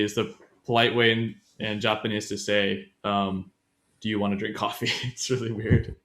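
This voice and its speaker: A man's voice: lowish voice, level tone, moderate pace, a bit bright. A man co-hosting a casual podcast, chatting his way through a language grammar lesson and often correcting himself mid-sentence. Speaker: podcast co-host.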